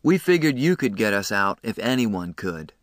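A man's voice: on the low side, big pitch swings, normal speed, no room sound, clean studio sound. A man reading a nervous teenage boy on the run, speaking urgently in a storybook reading.

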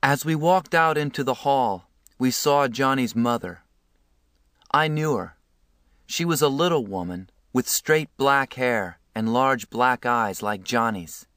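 A man narrating a novel aloud in a measured, earnest voice. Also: mid-range voice, a bit bright, smooth, dry recording, studio quality. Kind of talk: audiobook reading.

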